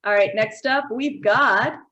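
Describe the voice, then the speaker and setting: A woman's voice: fairly high pitch, unhurried, pushed and bright, dull audio. A woman hosting a casual comedy show, playful and laughing often as she reads out viewer comments. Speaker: host.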